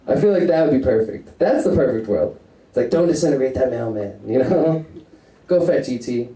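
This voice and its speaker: A man's voice: medium pitch, expressive, moderate pace, warm tone. A man doing a crude, rambling stand-up set on stage before a live audience, laughing at his own jokes. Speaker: stand-up comedian. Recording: roomy sound, mic at a distance.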